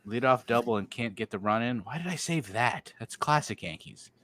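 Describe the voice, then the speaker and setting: Man, podcast co-host, casual chat, excitable, swears a lot, mid-pitched voice. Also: normal speed. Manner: loud, excitable, laughing, swears often.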